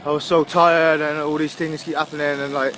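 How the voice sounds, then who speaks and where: Slightly high and a bit bright, this Englishman's Gloucestershire-accented voice comes across brisk and flat, with slight background noise. He's a touring cyclist vlogger cycling outdoors by the road, rambling chattily in a casual video diary with lots of fillers and laughter.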